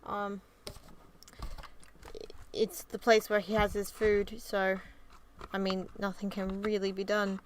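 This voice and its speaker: A woman chatting casually and cooing softly to her pet bird while she draws. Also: mid-range voice, monotone, slow, long pauses, poor audio. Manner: soft, cooing pet talk. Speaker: vlogger. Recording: loud background noise.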